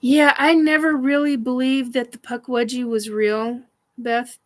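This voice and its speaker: A woman's voice: sits high, flat delivery, a little slow, rough recording. A woman hosting a casual paranormal chat stream, rambling with many fillers, defiant and swearing.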